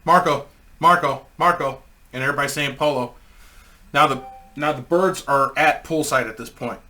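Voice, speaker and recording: A man's voice: mid-range voice, fairly even intonation, fairly quick, sharp tone. A man telling a rambling, crude comic anecdote in a casual way, laughing at his own story.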